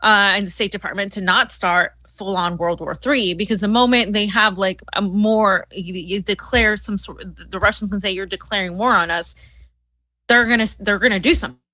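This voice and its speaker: Bright, heated woman co-host. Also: medium pitch, moderate pace, few pauses, dry recording. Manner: heated, scornful, many restarts. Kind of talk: political commentary chat.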